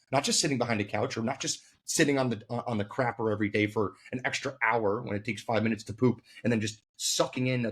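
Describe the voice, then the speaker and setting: A man hosts a casual podcast, speaking earnestly and sometimes searching for the right word, with a loose, profane edge. His voice is husky. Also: mid-range voice.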